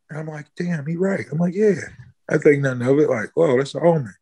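A man in an interview, casually telling a long story, swearing freely and jumping high in pitch when he acts out what people said. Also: lively intonation, fast, darkish tone, slightly rough. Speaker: interview guest, musician.

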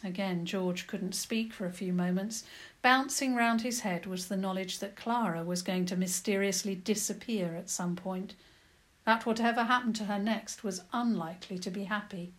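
A woman narrating a children's adventure story in a lively, expressive storytelling manner. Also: mid-range voice, moderate pace.

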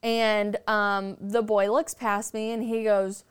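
Podcast guest: a woman telling stories, casual and animated, fond of swearing, with a smooth, clear voice. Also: mid-range voice, measured pace, hardly any pauses. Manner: animated, chatty, swears freely. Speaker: podcast guest, paranormal storyteller. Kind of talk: casual storytelling.

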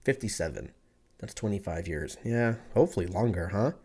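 A man's voice: on the low side, animated, moderate pace, a little mellow, breathy edge. A man in his thirties from California, telling a rambling, profane story in a laid-back, self-mocking way. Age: 30s. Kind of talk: casual storytelling monologue.

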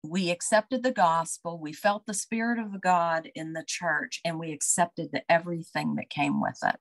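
A woman recalling family memories as an interview guest, unhurried and full of fillers. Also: on the low side, lively intonation, dry recording. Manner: reminiscing, unhurried, with many fillers. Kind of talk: casual storytelling.

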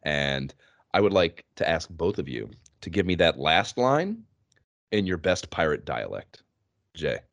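Male podcast co-host, deep, expressive delivery, dry sound. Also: a little slow, creaky, no echo. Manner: animated, laughing, swearing freely. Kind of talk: casual gaming chat.

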